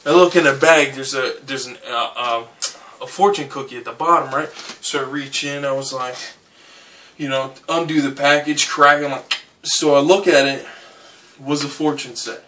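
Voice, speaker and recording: A man's voice: mid-range voice, steady tone, moderate pace, pushed and bright, recorded from a distance, a little hiss or hum. A young man who grew up in Connecticut telling a rambling, profane comic story, often asking "right?". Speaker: comedian.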